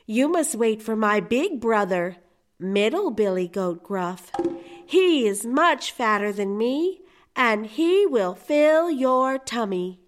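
A woman voicing a small, timid young billy goat who pleads in a squeaky voice. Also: sing-song, takes it slowly. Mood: pleading.

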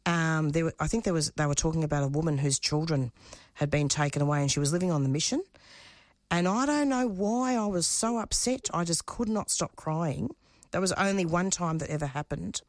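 A woman with a low voice talks openly about what drives her work, often stumbling and repeating words as the feeling builds. The sound is dry and close. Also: dry recording. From Australia. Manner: halting, repeats words, emotional and frank. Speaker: radio show producer and host. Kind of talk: interview guest, candid conversation.

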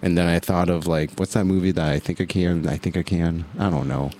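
A man with a very deep voice tells long, rambling stories over a radio studio microphone. He drifts from one story to the next and acts out everyone's lines as he goes. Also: steady tone, fairly quick, mellow. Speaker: radio guest. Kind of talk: casual chat.

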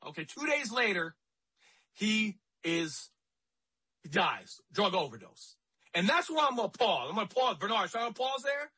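A man's voice: sits high, pushed and bright, breathy edge, poor audio. A man hosting a talk radio show, speaking in a conversational, emphatic way and often repeating himself.

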